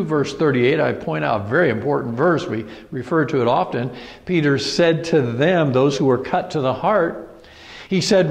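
A man preaching a sermon, reading scripture slowly and deliberately with emphatic pauses. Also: on the high side, long reverb tail.

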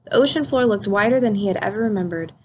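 A woman reading a children's picture book aloud in a calm, clear storytelling manner. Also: medium pitch, fast talker, slight background noise. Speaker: storybook reader.

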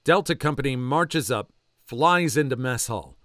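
A man reads online stories aloud, jumping in with quick asides of his own. His voice is mid-pitched and moves freely up and down. The recording is close and dry. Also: dry recording. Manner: animated storytelling with quick asides. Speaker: story narrator.

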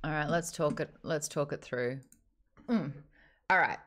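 A woman's voice: deep voice, a little slow, a bit bright. A woman hosting a live book club stream, chatting casually, teasing and laughing often. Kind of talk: casual chat.

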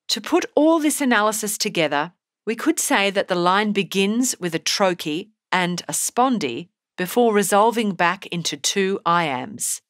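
A woman teacher giving a scripted poetry lesson in a measured, explanatory way. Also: mid-range voice, lively intonation, a bit bright, dry recording, studio quality. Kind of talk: scripted narration.

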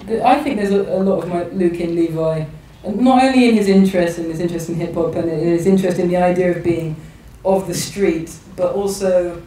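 A woman's voice: on the low side, fairly quick, few pauses, dark tone, far from the mic. A woman novelist in her thirties, from England, talking thoughtfully in a public conversation, often restarting her sentences. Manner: thoughtful, hesitant, with many restarts. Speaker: novelist guest. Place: large echoey hall. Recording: echoey hall recording from afar.

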